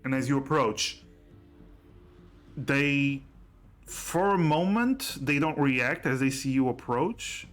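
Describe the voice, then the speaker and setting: A man narrating as game master of a tabletop game on a livestream, relaxed with fillers and laughs. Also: medium pitch, slow pace, pauses often, faint music behind.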